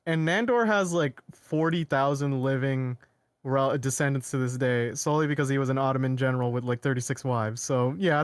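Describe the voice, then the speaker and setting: A man co-hosting a casual podcast, excitedly retelling a show's plot with frequent laughs and rambling asides. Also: a little high, no room sound, clean studio sound. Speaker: podcast co-host. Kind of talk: casual chat.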